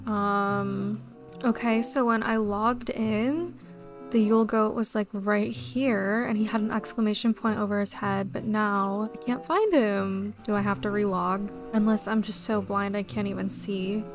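A young woman giving casual, chatty commentary while playing a game, excitable and quick to get frustrated. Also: medium pitch, music in the background. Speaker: game streamer.

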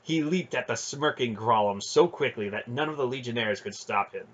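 Male audiobook narrator, mid pitch, husky, lo-fi dull sound. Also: moderate pace. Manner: steady storytelling narration. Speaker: audiobook reader.

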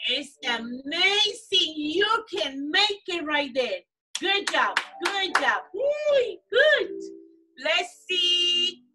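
A woman teaching young children in an online class, coaxing and praising them in simple, animated phrases. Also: high voice, distant mic, low-quality recording. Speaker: preschool teacher.

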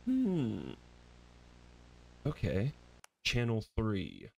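Excitable young man narrating a game. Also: lowish voice, extremely slow, gravelly, soft background music. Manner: excitable, chatty, laughs easily. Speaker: gaming video host. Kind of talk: casual let's-play commentary.

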